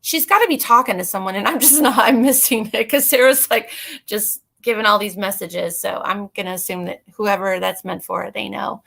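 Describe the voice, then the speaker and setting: Bubbly, bright-voiced woman chatting on a live stream. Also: mid-range voice, moderate pace, gravelly. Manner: bubbly, chatty, laughs often. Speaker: co-host of live psychic reading stream. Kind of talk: casual live-stream chat.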